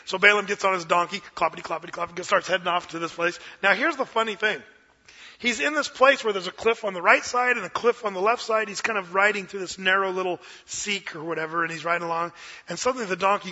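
A high, very bright male voice, a pastor delivering a sermon in an animated storytelling way, jumping into little character voices. The recording is dull and lo-fi, like an older church tape. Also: fast.

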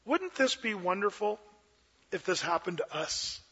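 Animated preacher with a bright, dull-sounding voice. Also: male voice, high voice, a little slow, husky. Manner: animated storyteller, acts out voices. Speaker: pastor. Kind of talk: sermon. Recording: dull lo-fi sermon recording.

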